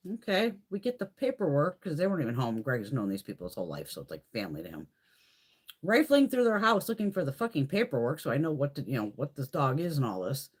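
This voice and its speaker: Husky low-voiced woman, blunt and profane. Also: sing-song, fast talker. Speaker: beauty live-stream host. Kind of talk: casual chat on a live stream. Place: at home.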